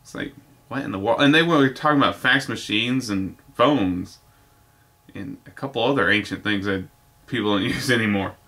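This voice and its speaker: Rambling bright-voiced young man reviewing. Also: fairly low pitch, moderate pace. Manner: rambling, offhand, exasperated asides. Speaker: movie reviewer. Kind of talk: casual video review.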